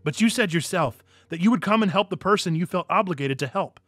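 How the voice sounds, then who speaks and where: A man reading aloud as a calm, loyal male friend who gives encouragement. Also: high voice, brisk, soft background music. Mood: reassuring.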